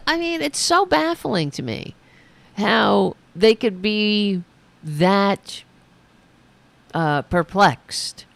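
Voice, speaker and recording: Sarcastic, gravelly New woman host. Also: mid-range voice, very animated, slow, long pauses, no echo. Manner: sarcastic, profane, mocking. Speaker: podcast host. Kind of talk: sarcastic political commentary.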